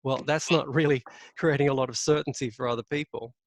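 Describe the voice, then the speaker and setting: Man, webinar presenter, coaching tone, middle pitch, dry close sound, ums and restarts. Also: fairly even intonation, a little fast, no echo. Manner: coaching, stresses key words.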